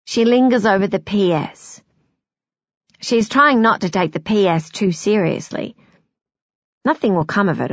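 A woman's voice: medium pitch, unhurried, long pauses, no room sound. Woman reading a novel, dry studio sound. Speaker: narrator. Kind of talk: scripted audiobook narration.

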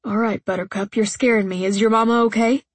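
Audiobook role: a woman reading a hot-tempered rancher father, middle-aged man, blunt and fiercely protective; breathy, husky tone, dry close read. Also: a little high, fairly even intonation, brisk, no room sound. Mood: worried. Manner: blunt, threatening when angry, tender with his daughter. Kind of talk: audiobook character voice.

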